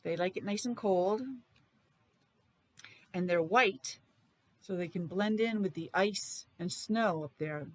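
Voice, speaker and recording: A woman teacher with a Rhode Island accent reading a picture book aloud to young children, sounding out letters slowly and repeating words in a sing-song way. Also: on the low side.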